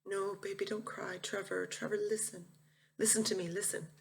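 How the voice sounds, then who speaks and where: A woman voicing a loving mother who softly soothes her son and gently jokes with him. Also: medium pitch, little pitch movement, normal speed, vocal fry, lightly acted. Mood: soothing. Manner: soft, hushed, soothing.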